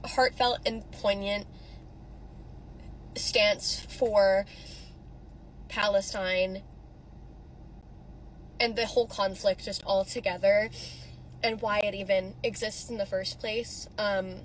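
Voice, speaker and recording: This woman has a mid-range voice and a steady tone, speaking slowly with frequent pauses. She's a social media creator outside a theater, tearfully rambling and cursing into her phone for a casual vlog reaction. The low-quality recording carries some hiss or hum.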